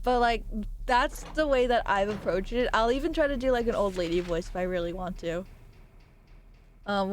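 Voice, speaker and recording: A woman's voice: mid-range voice, a little hiss or hum, rough recording. A young adult woman streamer chatting casually and jokily while gaming, rambling from one thought to the next. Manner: animated, jokey and rambling.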